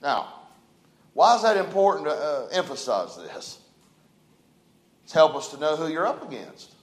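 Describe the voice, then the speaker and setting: A man preaching a sermon, his voice sitting high for a man. He talks in a folksy way, rising loud and falling quiet. The sound rings around a roomy church sanctuary. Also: sing-song, normal speed. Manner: folksy, dynamic preaching with big swings in loudness. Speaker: pastor. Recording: echoey church room.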